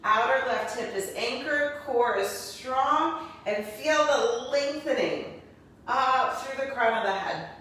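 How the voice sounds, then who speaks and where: Woman yoga teacher, slow calm cues, higher voice, really echoey room, mic a ways off. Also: recorded from a distance, a little hiss or hum. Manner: calm step-by-step cueing with spiritual encouragement. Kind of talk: guided yoga class.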